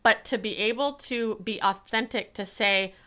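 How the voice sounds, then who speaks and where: A woman hosting a casual interview, talking as a coach in an animated way and acting out the voices she quotes. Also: mid-range voice, moderate pace, clear, resonant tone. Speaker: podcast host and coach.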